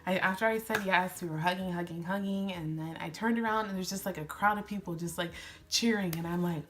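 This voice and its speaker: A woman in her twenties chatting excitedly while doing a makeup tutorial, gushing and giggling as she tells a story. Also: fairly low pitch, brisk, background noise. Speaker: beauty vlogger.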